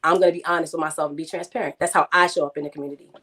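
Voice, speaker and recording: Fast-talking woman with a New York accent. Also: deep voice, fairly even intonation, sharp tone. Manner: emphatic, outspoken. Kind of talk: casual group discussion.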